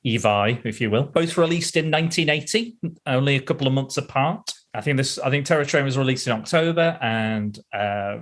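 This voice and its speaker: A man's voice: mid-range voice, a bit bright. A man hosting a casual podcast, recapping films in a rambling way with frequent laughs and restarts. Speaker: podcast host.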